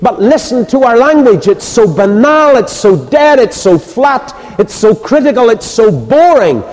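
A man preaching a sermon with emphatic, rhetorical delivery, then dropping soft and low as he leads a prayer. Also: very animated, unhurried. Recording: reverberant hall.

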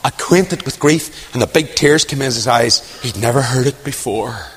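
Preacher in a reverberant hall. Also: male voice, medium pitch, moderate pace, slight background noise. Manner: dramatic, swings from loud rising questions to hushed near-whispers. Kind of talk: sermon.

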